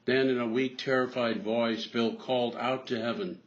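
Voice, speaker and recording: Priest, male, mid-pitched, measured sermon storytelling, dull lo-fi recording. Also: fairly even intonation.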